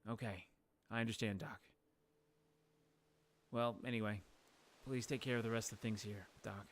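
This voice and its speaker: A man's voice: fairly low pitch, steady tone, normal speed, lightly acted. A man voicing a young male game hero who is shaken and hesitant and asks unsure questions.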